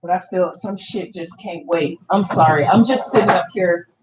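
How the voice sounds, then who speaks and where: A woman's voice: lowish voice, normal speed, background noise. A woman hosting a live stream, chatting casually with viewers by name and talking back to their comments in a blunt, profane, outspoken way.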